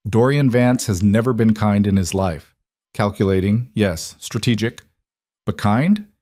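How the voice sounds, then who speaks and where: A smooth, cold mob interrogator presses his questions without hurry, as a male narrator voices him. The voice sits low and dry, calm menace in every line of the storybook telling. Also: measured pace, no echo.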